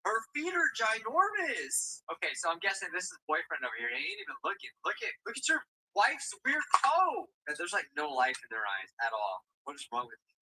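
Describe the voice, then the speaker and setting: Guy livestreaming a game, super lively pitch, casual reacty commentary, a bit of faint noise behind. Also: low-quality recording. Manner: casual, animated, quick reactions and laughs.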